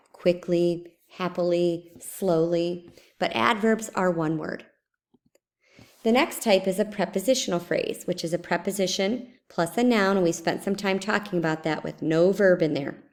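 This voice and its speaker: Woman teaching in a screencast, low-pitched. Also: darkish tone. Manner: explains step by step, repeating example sentences aloud. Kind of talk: screencast lesson.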